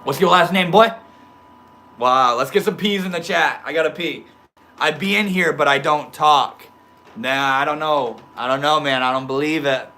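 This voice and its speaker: A man's voice: a little high, normal speed, bright, forceful tone. A man chatting loosely with his livestream viewers, reading their comments aloud in slangy talk full of bro and dude. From Maine. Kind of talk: casual livestream chat.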